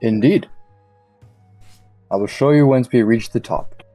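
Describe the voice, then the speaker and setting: A man voicing an aloof, cryptic male tower keeper in a measured, ominous storytelling manner over faint music. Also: medium pitch, mellow, no echo.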